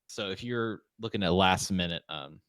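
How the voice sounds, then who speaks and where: A man's voice: deep voice, moderate pace, fairly bright tone, clean tone, dry recording. A man co-hosting a gaming podcast, chatting casually and joking, with rambling sentences full of fillers. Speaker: podcast co-host. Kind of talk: casual chat.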